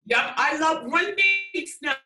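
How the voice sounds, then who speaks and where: A woman psychic medium talks as a guest, effusive and emotional, full of stories. Her voice is high and bright and swings widely in pitch. The sound is echoey, as if in a bare room. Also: animated, measured pace. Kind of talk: casual chat.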